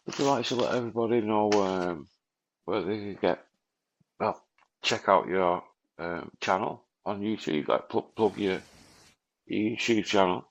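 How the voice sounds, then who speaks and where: A laid-back English man chats slowly and casually as a podcast host, with a gravelly, fry-laden voice. His audio is dull and lo-fi, as if it comes over a remote call. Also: fairly low pitch. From England. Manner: laid-back, laughs often, says mate a lot. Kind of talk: casual conversation.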